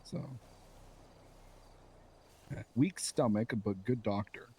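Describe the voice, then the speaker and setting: A man's voice: on the low side, slow pace, warm tone, slight background noise. A man in casual role-play chat, exasperated and swearing freely.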